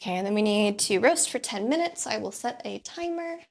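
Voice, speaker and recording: Woman from California, casual stream co-host, chatty, slightly high voice. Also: animated, brisk, creaky. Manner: chatty, laughs often. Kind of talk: casual chat on a live stream.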